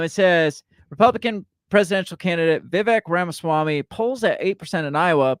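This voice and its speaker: Podcast co-host, man, slightly high voice, animated political chatter. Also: clean tone, no echo, clean studio sound. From Midwest US. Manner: animated, reads news articles aloud. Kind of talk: casual political chat.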